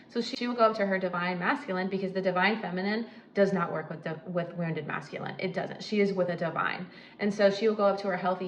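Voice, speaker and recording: A woman's voice: fairly low pitch, reverberant, slight background noise, poor audio. A woman talking casually and emphatically to the camera as host, with frequent asides and light laughs. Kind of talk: casual advice talk.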